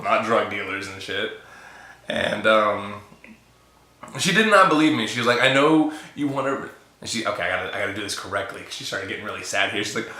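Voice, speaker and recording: A man's voice: on the low side, pushed and bright, roomy sound. A man casually telling a funny story about his wife, laughing often and quoting her lines. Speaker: guest husband telling a story.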